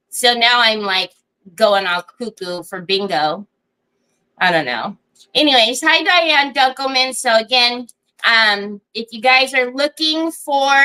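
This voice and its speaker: A middle-aged woman hosts a craft livestream. Her voice is bright and sits a little high, and she rambles in easy chat and greets viewers by name. She laughs often between thoughts. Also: rough recording.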